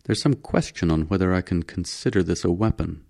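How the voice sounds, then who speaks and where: A courteous alien leader with a low, gravelly voice and menace under every polite word, read by a man. He speaks smoothly and formally. An audiobook character. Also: brisk, darkish tone, dry recording, studio quality. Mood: menacing polite.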